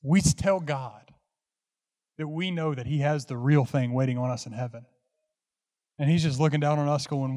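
A man's voice: fairly high pitch, moderate pace, pauses often, dark tone, long reverb tail. A man preaching a sermon, telling a folksy story that builds into fervent preaching. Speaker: pastor.

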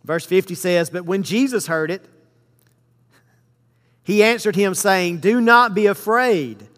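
A man preaching a sermon, reading scripture verses slowly and then explaining them with emphasis. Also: high-pitched. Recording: long hall reverb.

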